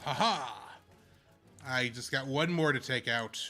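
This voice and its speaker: Bright-voiced joking gamer man. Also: medium pitch, measured pace, faint music behind. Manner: jokey, rambling, reads quest text aloud. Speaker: gamer streaming a playthrough. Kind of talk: casual game commentary.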